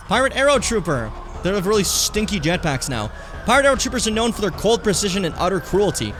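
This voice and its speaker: A man's voice: high-pitched, sing-song, fast, fairly bright tone, soft background music. A tired man in his late twenties, streaming a game casually, swearing freely and stumbling as he reads on-screen text aloud. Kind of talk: casual gameplay commentary.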